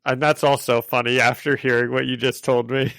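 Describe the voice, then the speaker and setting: A man's voice: mid-range voice, flat delivery, moderate pace, vocal fry, fairly bright tone, no room sound. A man co-hosting a casual comic-book podcast, recapping the story and laughing often. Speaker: podcast co-host.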